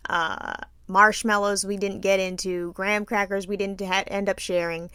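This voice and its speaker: A woman co-hosting a podcast, telling an animated, laughing story in casual chat and swearing freely. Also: mid-range voice, moderate pace, clean tone, no room sound. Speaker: podcast co-host.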